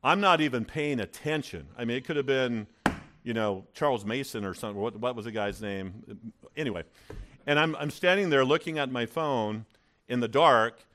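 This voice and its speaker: A male pastor preaches to his congregation in a church, mid-pitched and animated. He tells personal stories with frequent stammered restarts, building to bursts of energy. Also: normal speed, a little hiss or hum. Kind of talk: sermon with personal story.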